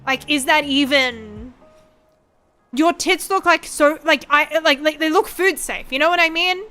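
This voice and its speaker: A young adult woman streamer chatting casually, rambling and swearing freely with frank, animated asides. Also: sits high, a little slow, faint music behind. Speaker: VTuber streamer.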